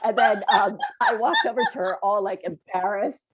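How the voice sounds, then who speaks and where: Woman co-host, lively storyteller, lots of pitch movement, laughs and acts out quotes. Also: moderate pace, slightly rough. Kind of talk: casual chat, storytelling.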